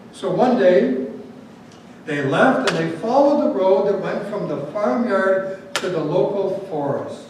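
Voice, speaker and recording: A male preacher with a fairly high voice tells a story to his congregation, slipping in wry asides as he goes. He is recorded from a distance in a very echoey room, with a faint hiss underneath. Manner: lively storyteller, adds asides and jokes. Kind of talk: storytelling sermon. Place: large room with a gathered audience.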